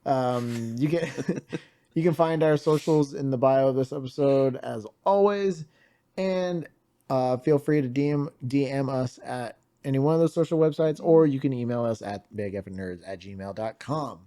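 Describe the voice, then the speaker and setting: A man co-hosting a podcast, talking in a relaxed, easygoing way as he wraps up the show. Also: mid-range voice, moderate pace. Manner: relaxed, easygoing, laughs between lines. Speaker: podcast co-host. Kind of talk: casual chat.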